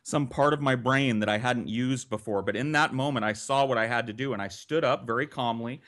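A man spins a long personal story on a podcast, swearing freely and painting vivid pictures. His voice sits at an ordinary mid pitch. The delivery is casual and animated. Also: fairly quick.

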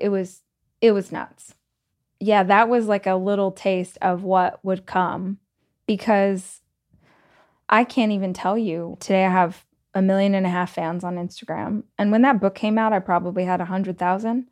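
A woman's voice: medium pitch, moderate pace. A woman podcast host from the American South with a Southern accent, telling a personal story in a chatty, casual way full of "like"s. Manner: chatty, animated, many "like"s and laughs.

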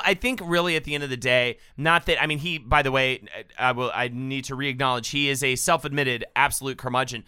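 A male podcast co-host telling the story in relaxed, agreeable casual chat, swearing casually. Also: medium pitch, smooth, no echo, clean studio sound.

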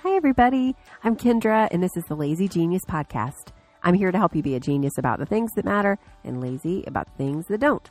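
A woman's voice: on the low side, lively intonation, fast, a little mellow, soft background music. A woman hosting her podcast alone, sounding stuffed up from a cold, chatty with fillers and restarts. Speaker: podcast host. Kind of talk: casual solo podcast talk.

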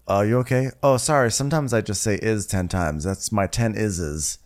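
A man with a mid-pitched voice chats loosely on a comedy podcast. He tells stories with playful asides and keeps repeating the same goofy joke. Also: animated, moderate pace. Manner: silly, punning, repeats bits for laughs. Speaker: podcast co-host. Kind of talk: casual comedic recap chat.

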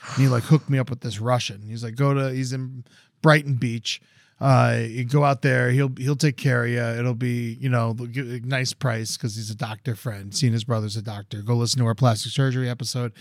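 A mid-range male voice moves a little fast over a clean, echo-free studio recording. The podcast co-host tells a long, casual story, swearing a lot and getting animated as he acts out quotes loudly.

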